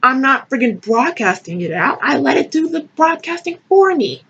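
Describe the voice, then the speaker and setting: A woman hosts with sarcastic, mocking commentary, her voice high and breathy. Her pitch swings widely as she scoffs. The recording is dull and lo-fi. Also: sing-song, moderate pace, few pauses, fairly bright tone. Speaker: host reading and mocking fan fiction. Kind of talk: comedic commentary.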